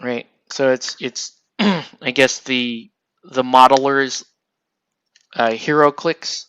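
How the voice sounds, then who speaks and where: A man hosting a casual livestream, rambling excitably and laughing often while he paints miniatures. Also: mid-range voice, slow pace, clear, resonant tone, no room sound, lo-fi sound. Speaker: livestream host.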